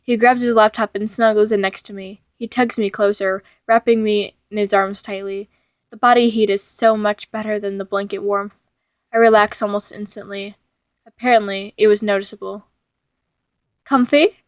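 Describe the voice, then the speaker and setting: A woman reading a fan-fiction story aloud as narrator, with a steady, even delivery. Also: mid-range voice, moderate pace, dry recording, studio quality.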